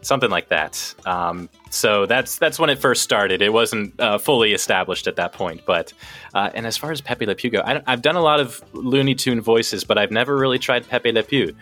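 A man's voice: on the low side, normal speed, bright, forceful tone, soft background music. A man who is a voice actor, talking casually in an interview, rambling and hesitant with lots of fillers. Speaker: voice actor guest.

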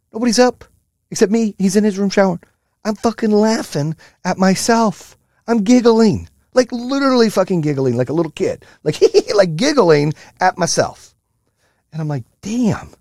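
A man's voice: fairly low pitch, slightly rough, no echo. Middle-aged guy cursing his way through a pep talk, voice jumps all over, dry close sound. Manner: profane, animated storytelling. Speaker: podcast host. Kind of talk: casual motivational monologue.

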